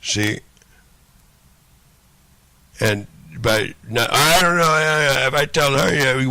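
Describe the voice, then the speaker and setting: A man's voice: medium pitch, expressive, slow, long pauses, sharp tone, clear, resonant tone. A man delivering a rambling, profane monologue, looping back and repeating phrases over and over. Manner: profane, repetitive, rambling rant.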